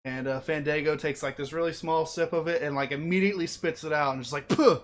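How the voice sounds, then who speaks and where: Young male podcast co-host, slightly high voice, lively storyteller who acts out the quotes. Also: fast talker. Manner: animated retelling, acts out quotes with laughter. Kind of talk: casual chat.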